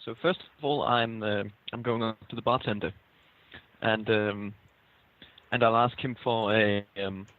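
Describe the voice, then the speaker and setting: A man taking part in an online tabletop game, slow and halting as he searches for his words. His voice comes through thin and tinny, like a phone line. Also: on the low side, steady tone. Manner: halting, many ums. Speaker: player.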